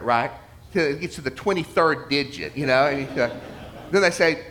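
A man delivering a sermon in a fairly high voice. He talks to the congregation directly, repeats himself for effect and throws out rhetorical questions. He drops to a near-mutter at times and then rises into loud, emphatic preaching. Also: brisk, a little hiss or hum. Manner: builds from murmured asides to loud emphatic preaching; repetitive, conversational with rhetorical questions. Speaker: pastor.

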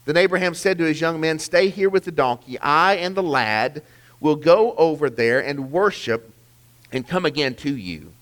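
A man's voice: fairly high pitch, normal speed, a bit bright. A man preaching a sermon, earnest and emphatic, asking rhetorical questions and restarting phrases as he works through the passage. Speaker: pastor.

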